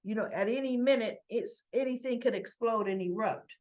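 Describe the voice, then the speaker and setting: A woman's voice: a little high, normal speed, a little mellow, highs cut off. A woman hosting a casual recap show, chatting and retelling scenes with quoted lines and frequent restarts. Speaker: soap opera recap host.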